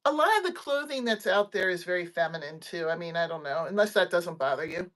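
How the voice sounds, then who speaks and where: A woman hosting a crochet livestream in casual chat, giggly and rambling, often trailing off softly. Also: lowish voice, lively intonation, fast.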